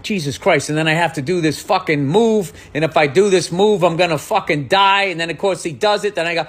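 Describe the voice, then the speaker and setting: A man's voice: on the high side, a little fast, few pauses. A man talking on a podcast, ranting with exasperation and profanity, voice swinging up and down. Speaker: comedian. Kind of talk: podcast rant.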